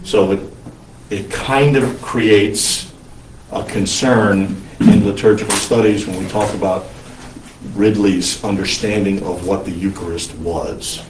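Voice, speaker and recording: A male priest giving an unscripted lecture, halting often to restart his sentences. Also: fairly low pitch, steady tone, noisy background. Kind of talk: recorded lecture. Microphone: single mic, speaker sometimes covers it. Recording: roomy echo, mic at a distance.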